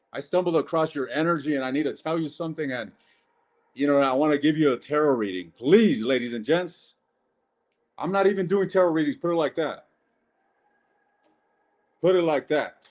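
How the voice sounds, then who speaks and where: A man's voice: mid-range voice, darkish tone. A man giving a casual live-stream tarot reading, blunt and chatty, swearing and calling viewers ladies and gents.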